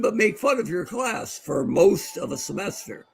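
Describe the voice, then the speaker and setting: His voice sits high, with vocal fry and a slightly rough texture, and he talks at normal speed with few pauses. This middle-aged podcast co-host tells stories casually, calls a game, and laughs a great deal.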